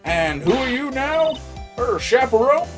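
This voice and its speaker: A man voicing a loud, suspicious young Southern woman with an exaggerated drawl, scolding as he reads a video game's dialogue. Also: extremely high pitch, sing-song, a little slow, over music, heavily acted. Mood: impatient. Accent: exaggerated Southern drawl, later Irish lilt.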